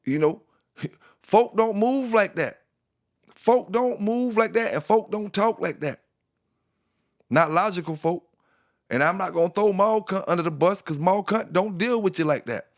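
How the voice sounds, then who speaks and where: Male vlog host, slightly higher voice, combative repetitive rant. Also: measured pace, pauses often. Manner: confrontational, repetitive, calls out rivals with laughs. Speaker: dog news channel host. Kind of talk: casual ranting monologue.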